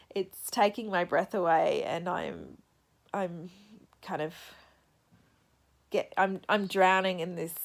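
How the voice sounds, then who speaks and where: A young woman talking casually about her reading in a vlog, reflective and halting, teary after crying. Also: lowish voice, lively intonation, creaky. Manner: reflective, soft-spoken, halting. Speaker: book vlogger.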